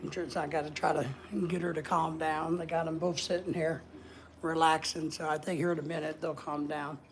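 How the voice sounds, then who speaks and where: A woman's voice: low-pitched, flat delivery, a little fast, slight background noise. A woman hosting a casual livestream, chatting in a rambling way and reading viewer comments aloud. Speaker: livestream host.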